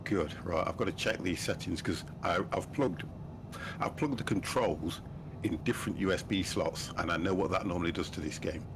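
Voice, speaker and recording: A man in his fifties hosts a livestream, chatting casually and laughing often while he sets up a flight game. His voice is low at a normal speed, with background noise in the recording.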